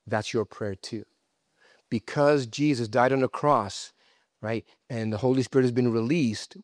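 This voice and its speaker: A man preaching with a loose, conversational energy, pitch jumping up as he acts out quoted voices. His voice sits at a middling pitch. The sound is dry and close, with little room around it. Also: no echo. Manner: loose, conversational asides and restarts. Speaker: pastor. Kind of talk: sermon.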